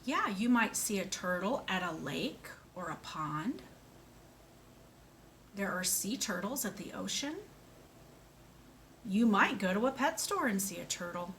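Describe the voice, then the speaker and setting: A woman speech therapist giving a slow, clear lesson to a young child, praising answers and asking simple questions. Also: medium pitch, very animated, a bit bright, slight background noise. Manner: slow, clear, sing-song and encouraging, with animal sounds.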